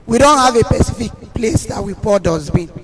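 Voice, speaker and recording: A hoarse woman with a Nigerian accent, speaking as a community representative at a public meeting, earnest and grateful, with many restarts. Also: a little high, expressive, fairly quick. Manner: earnest, thanking, rambling with restarts.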